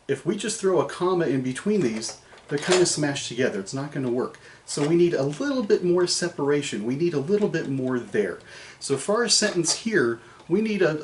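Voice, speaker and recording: A man teaching a writing class in a recorded video lecture, talking in a relaxed, conversational way with fillers and small laughs. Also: a little high, a little hiss or hum.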